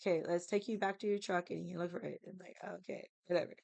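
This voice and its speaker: A woman's voice: lowish voice, steady tone, fast, vocal fry, a little mellow, dry recording. A young woman casually telling a story, laughing often, swearing freely and acting out the voices of the people she quotes. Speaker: vlogger.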